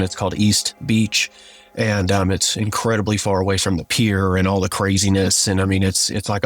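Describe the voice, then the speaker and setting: A man with a drawl recounts a personal story, earnest and halting, leaning on "like" as he goes. His voice sits fairly low. Soft music plays faintly behind him. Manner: earnest and halting, many "like" fillers. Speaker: guest sharing his testimony.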